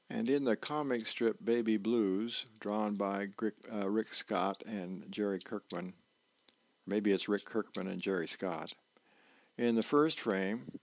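A man reading the newspaper aloud as a volunteer reader for a radio reading service, plain and unhurried with small slips. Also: on the low side, gravelly, no room sound.

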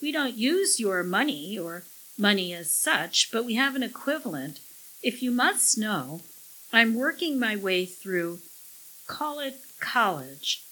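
A woman's voice: mid-range voice, big pitch swings, takes it slowly, bright, forceful tone, husky, heavily acted, low-quality recording. A woman voicing a sly, scheming male parrot who snickers and squawks smugly.

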